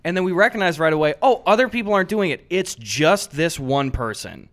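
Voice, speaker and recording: A man's voice: on the high side, expressive, fairly quick, fairly bright tone. A young man co-hosting a podcast, ranting in casual chat with heavy swearing and exasperation. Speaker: podcast co-host.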